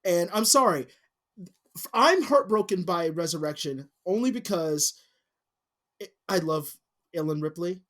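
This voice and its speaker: A woman's voice: on the low side, expressive, a little slow, long pauses. Swearing, rambling woman podcast co-host. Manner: profane, rambling, swears constantly. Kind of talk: casual chat.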